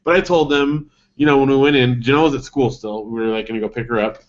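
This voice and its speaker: A man's voice: medium pitch, quick pace. A man in his thirties, a dad, casually telling a story on a podcast, rambling and acting out the voices of people in it. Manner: rambling, acts out dialogue with animated voices. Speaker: podcast co-host. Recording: dull lo-fi podcast audio.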